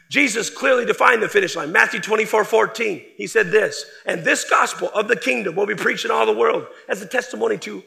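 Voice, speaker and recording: A male preacher with a high, sharp voice and heavy gravel running through it. He delivers a sermon emphatically, hitting key words hard and then letting phrases fall away softly. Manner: emphatic, swings from loud stresses to quiet trailing phrases.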